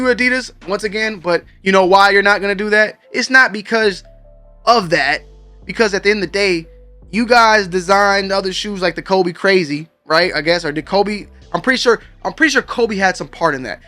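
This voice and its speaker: This sneaker news show host is a man with a high, bright voice that sounds pushed. He chats casually in slang, talking straight to his viewers.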